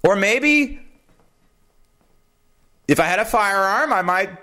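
A man hosting a political commentary show, talking in an animated, sarcastic monologue. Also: takes it slowly. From United States. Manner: animated, sarcastic, swings pitch for emphasis. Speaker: podcast host.

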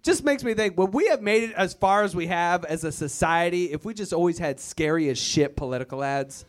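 High-voiced sarcastic male stand-up comic. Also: fairly quick. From Virginia. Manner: sarcastic, mocking, shifts into silly voices. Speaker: stand-up comedian. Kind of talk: stand-up set. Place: comedy club stage.

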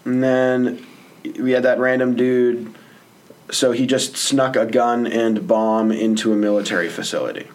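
A man's voice: mid-range voice, steady tone, measured pace. A man co-hosting a casual movie discussion, laid-back and wry, with short asides.

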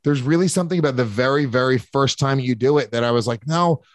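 A man's voice: mid-range voice, quick pace, no room sound. Rambling, profane male podcast host. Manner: rambling, profane, stammering restarts. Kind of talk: casual podcast chat.

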